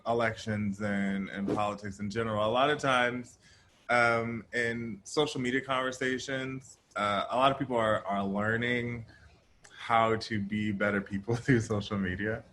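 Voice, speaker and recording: Male podcast host, bright tense timbre, hesitant questioner. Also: mid-range voice, fairly even intonation, measured pace, slight background noise. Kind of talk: interview questions.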